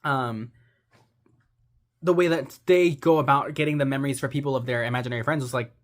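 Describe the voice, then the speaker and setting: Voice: medium pitch, fairly even intonation, a little fast. A young adult giving a casual, rambling movie recap, gushing and sentimental, saying "like" constantly. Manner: rambling, heavy use of "like". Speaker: movie reviewer.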